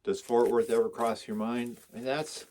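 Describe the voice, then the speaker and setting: A man's voice: medium pitch, steady tone, moderate pace, a little mellow, slight background noise. Chatty man rambling through his records. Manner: enthusiastic, rambling, lists song titles. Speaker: record collector vlogger. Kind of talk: casual chat showing records.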